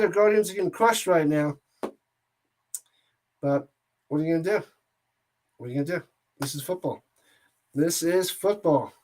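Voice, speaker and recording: An excitable man calls a football game play by play for a watch-party stream. He is loose and joking, drifting into asides between snaps and shouting when a big play lands. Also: a little high. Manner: jokey and excitable, rambles between plays. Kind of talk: casual play-by-play commentary.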